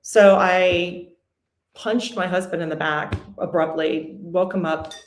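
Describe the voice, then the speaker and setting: A woman's voice: on the low side, slow. A woman in her forties, a podcast guest, telling a painful personal story candidly and steadily. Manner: candid, steady even through hard memories. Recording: roomy echo.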